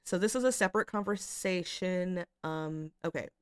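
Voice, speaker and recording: Young woman, kinda low voice, chatty exasperated commentary, dry close mic. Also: moderate pace, smooth, dry recording. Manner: chatty and exasperated, with frequent filler words and laughs. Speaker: commentary channel host. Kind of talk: casual commentary reading screenshots aloud.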